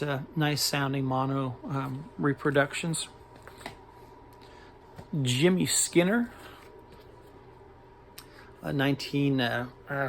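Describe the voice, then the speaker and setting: A man with a gravelly, creaky voice chats unhurriedly about his record finds. He hesitates a lot, filling gaps with ums and uhs, and perks up over odd discoveries. His pitch sits in an ordinary middle range. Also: fairly bright tone, slight background noise. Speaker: record collector showing a haul. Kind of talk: casual record haul video.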